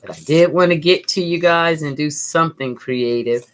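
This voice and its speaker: A woman's voice: deep voice, moderate pace. Chatty middle-aged woman teaching crafts. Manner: chatty, upbeat, talks to viewers as she works. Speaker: art teacher, channel host. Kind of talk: live-streamed craft tutorial. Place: home craft desk, indoors.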